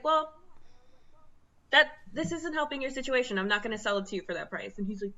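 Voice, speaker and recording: Animated young woman telling stories, lo-fi. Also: mid-range voice, fairly quick. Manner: animated storytelling, acts out quoted voices, laughs often. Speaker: podcast co-host. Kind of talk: casual podcast chat.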